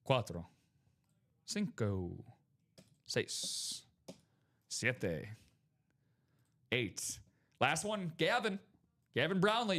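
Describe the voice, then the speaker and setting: Hype host for a live card-break stream: a man with a slightly high voice, chatty and playful. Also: fairly bright tone. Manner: chatty, hyped, jokey. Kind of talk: upbeat live-stream sales patter. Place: studio break room.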